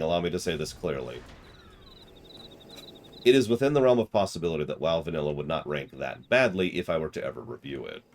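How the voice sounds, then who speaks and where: A man streaming and reviewing a game, talking casually with sardonic, ranting humor. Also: a bass voice. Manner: sardonic, ranting with mock vehemence. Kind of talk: casual game commentary while reading dialogue aloud.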